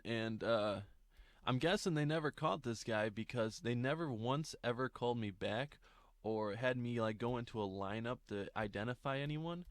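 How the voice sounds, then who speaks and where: A man's voice: mid-range voice, dry recording. Young man, casual storytime, rambling, laughs and cusses, dry close recording. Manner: rambling, laughing, swearing, many restarts.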